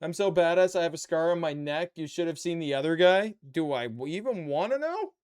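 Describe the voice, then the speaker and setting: A man's voice: a little high, lively intonation, brisk, darkish tone, clean tone. Chatty man muttering through a build. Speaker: streamer building a model kit. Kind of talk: casual live-stream chat.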